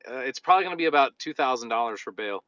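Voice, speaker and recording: A man's voice: medium pitch, lively intonation, racing, a bit bright, dry recording, muffled recording. A man live-streaming from inside a car, chatting loosely and jokingly while reading out viewer comments. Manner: loose and joking, drifts between topics.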